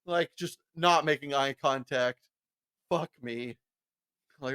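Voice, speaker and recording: A young man co-hosting a podcast, telling a long, profane, animated story and often breaking into laughter. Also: medium pitch, slow pace, smooth. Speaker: podcast co-host. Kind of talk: casual storytelling chat.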